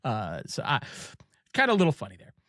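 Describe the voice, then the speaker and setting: A man's voice: medium pitch, wildly swooping pitch, fairly bright tone, no room sound. Male podcast host, Ohio accent, easygoing storyteller, dry close sound. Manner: chatty, storytelling, quick asides and laughs. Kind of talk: casual podcast chat.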